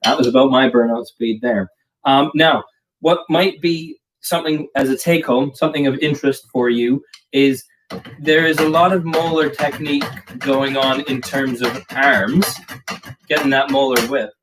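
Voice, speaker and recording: A man's voice: mid-range voice, moderate pace, over music. A man giving a casual live drum lesson, explaining patterns in a chatty way with plenty of fillers. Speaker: drum teacher. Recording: distant mic with clear background noise.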